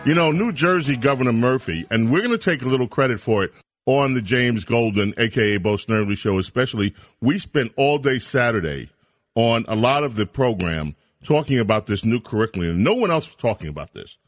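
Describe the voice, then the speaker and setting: A man's voice: medium pitch, lively intonation, brisk, no room sound. A man hosting a talk radio show from a dry, close-miked studio. He speaks emphatically and gets indignant when he presses his points.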